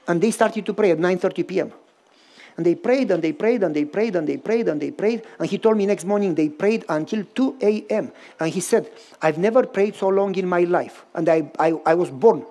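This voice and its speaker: Animated male pastor. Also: high voice. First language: Romanian. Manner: acts out dialogue with lively voice swings. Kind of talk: storytelling sermon.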